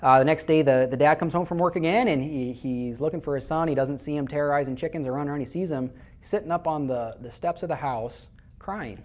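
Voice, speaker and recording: A man's voice: on the high side, brisk, a little mellow. Conversational man preaching a sermon. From Iowa, USA. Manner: conversational storytelling, repeats words when starting phrases. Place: church before a live congregation.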